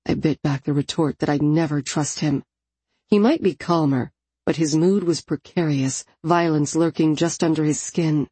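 A woman narrating a first-person audiobook in an intimate, low-key delivery. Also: moderate pace, warm tone, breathy edge, dry recording.

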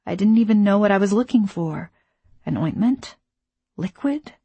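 A woman narrating a first-person novel in a measured voice, dropping to whispers in tense moments. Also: mid-range voice, lively intonation, warm tone, breathy edge, no room sound, dull audio. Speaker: audiobook narrator.

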